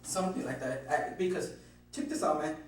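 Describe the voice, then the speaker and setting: A man's voice: a little high, a little fast. A man being questioned, nervously rambling through his account with lots of swearing and restarts. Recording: very echoey room, distant mic, faint hum.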